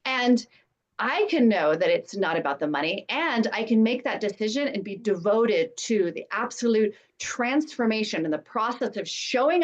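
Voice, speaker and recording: A woman who is a guest on a podcast, speaking earnestly in long flowing phrases during casual conversation. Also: medium pitch.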